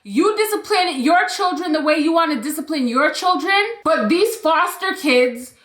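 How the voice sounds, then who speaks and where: A woman voicing a rude, boastful foster mother in her late thirties who scolds fast and high. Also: lively intonation, fairly bright tone, reverberant. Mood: contemptuous.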